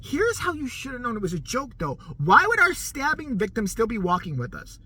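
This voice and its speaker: A middle-aged man spins a casual yarn for his viewers, his voice ringing bright and forceful. He swears freely and keeps breaking into laughter as he talks. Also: extremely high pitch, a little fast, slightly rough. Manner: animated, profane, laughs often while telling. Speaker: vlogger. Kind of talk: casual storytelling.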